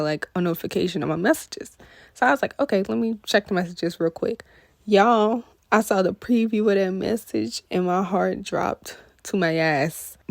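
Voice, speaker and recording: A woman's voice: lowish voice, no room sound, clean studio sound. A young woman, telling a casual storytime to viewers and acting out the quotes in her story. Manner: animated, addresses viewers as y'all, acts out quotes. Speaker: storytime vlogger.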